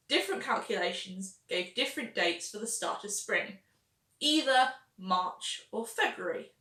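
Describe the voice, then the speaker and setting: Woman doing a history vlog, dry sarcastic jokes, mid pitch, echoey room. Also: expressive, moderate pace, fairly bright tone. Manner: wry, sarcastic asides. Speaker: history video host.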